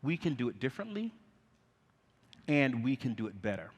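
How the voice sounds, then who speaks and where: Animated male keynote storyteller in a hall. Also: mid-range voice, moderate pace, slightly rough. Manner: animated, acts out voices in anecdotes; engages the audience with questions. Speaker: conference speaker. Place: conference hall. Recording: reverberant conference hall.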